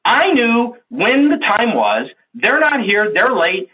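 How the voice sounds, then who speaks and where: A man voicing an impatient, pushy team leader who wants results fast, speaking in a brisk, bossy way. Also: very high voice, big pitch swings, pushed and bright, a little hiss or hum, pitched above the performer's own voice, full character voice, poor audio.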